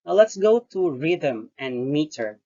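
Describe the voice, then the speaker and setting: A teacher giving a recorded lesson, speaking deliberately, pausing often between phrases and correcting their own wording. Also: medium pitch, very animated, mellow. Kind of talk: recorded lecture-style lesson. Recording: dull lo-fi voice recording.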